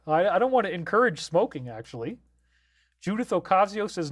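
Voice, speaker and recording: High-voiced man reading live chat. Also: lively intonation, brisk. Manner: reads viewer comments aloud and answers them; easygoing, talks off the cuff. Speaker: live stream host.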